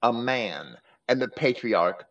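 A man hosting a scripture study, explaining at length in a deliberate way with frequent hesitations and restarts. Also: medium pitch, lively intonation, fairly bright tone. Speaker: host. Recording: muffled lo-fi recording.

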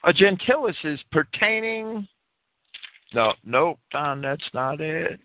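Man, radio host, earnest lecturing, lively pitch, dry tinny phone-line sound. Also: slow pace, slight background noise. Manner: earnest, reading definitions aloud and expounding. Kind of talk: live talk-radio lecture. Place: a private home.

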